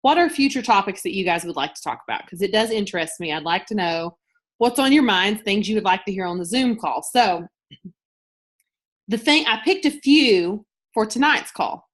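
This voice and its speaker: A chatty woman with a drawl leads her team's video call. She talks loosely, circles back on herself and leans on filler words. Her pitch sits in the middle of the range, and the sound comes through a computer call mic. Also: animated, normal speed. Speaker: team leader hosting a sales call. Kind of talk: casual talk on a group video call.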